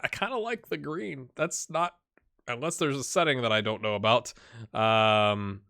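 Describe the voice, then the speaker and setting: A man's voice: mid-range voice, lively intonation, measured pace, creaky, sharp tone. A man casually commenting on his football management game, rambling and chatty, often calling his viewers "my friends". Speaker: gaming YouTuber. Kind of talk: casual let's-play commentary.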